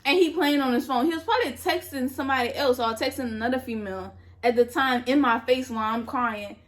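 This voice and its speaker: A woman's voice: sits high, fast. A young adult woman vlogger telling a candid, slangy story in casual chat as she eats, laughing at herself. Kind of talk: casual storytime while eating.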